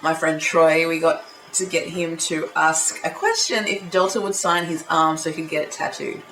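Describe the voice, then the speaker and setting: A young woman, chatting excitedly in a casual home vlog, full of fillers and gushing. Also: deep voice, moderate pace. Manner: gushing, excitable fan talk with many fillers. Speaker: vlogger. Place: indoors at home. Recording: echoey room, light background hiss.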